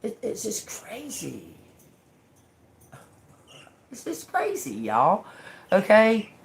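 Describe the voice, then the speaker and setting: Woman, livestream tarot host, slow drawl, lower voice, faint room hum behind. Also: wildly swooping pitch, creaky. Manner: rambling, emphatic, talks straight to viewers. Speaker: tarot reader hosting a livestream. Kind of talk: casual livestream chat. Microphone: phone or webcam livestream.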